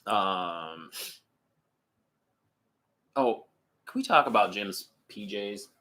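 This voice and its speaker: A man in his thirties co-hosting a podcast in casual recap chat. He is animated, swears freely and drifts into tangents. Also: on the low side, drawn-out words. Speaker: podcast co-host.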